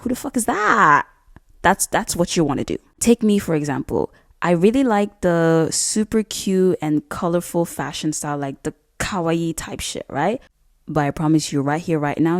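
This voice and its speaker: A young woman with a low, deep-set voice gives casual advice in a vlog. She talks bluntly and swears freely, cracking jokes as she goes. The sound is dry and close, with no room around it. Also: warm tone, dry recording. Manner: blunt, profane, jokey. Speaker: vlogger.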